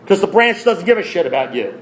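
A man's voice: high-pitched, very animated, quick pace, heavy background noise. A man speaking at a recovery meeting, blunt and preachy, firing off rhetorical questions. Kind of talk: AA meeting talk.

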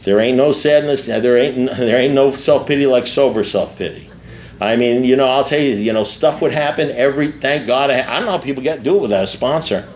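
An older man addresses a room at a recovery meeting, talking bluntly and confessionally. He swears freely, circles back to the same phrases, and keeps asking whether his listeners follow him. His voice sits at an ordinary middle pitch over a faint hum of background noise. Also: brisk. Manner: blunt, repetitive and profane, with frequent asides to the listeners. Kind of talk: candid personal talk to an audience.

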